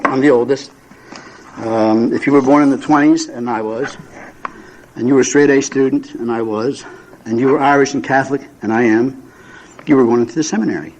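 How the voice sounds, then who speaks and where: A man's voice: medium pitch, a little fast, a little mellow, slight background noise, low-quality recording. A man in his seventies telling humorous personal stories to an audience at a recovery meeting, folksy and self-mocking, with frequent fillers and restarts. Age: 70s.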